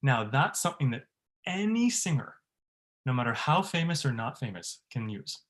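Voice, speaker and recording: A man, a bass-baritone voice teacher, leading an online workshop for choir singers, laughing often and demonstrating sounds. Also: very animated, moderate pace. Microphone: video call.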